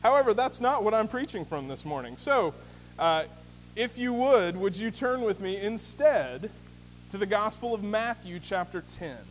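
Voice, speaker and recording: A man's voice: sits high, expressive, moderate pace. A man preaching a sermon as pastor, in a conversational storytelling manner with many fillers. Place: church sanctuary. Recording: reverberant hall with faint hum.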